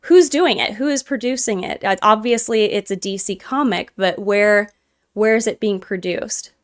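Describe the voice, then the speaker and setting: A woman hosting a casual live stream, reading chat messages aloud and answering them in a chatty, animated way with frequent laughs. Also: medium pitch, normal speed. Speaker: livestream host reading chat.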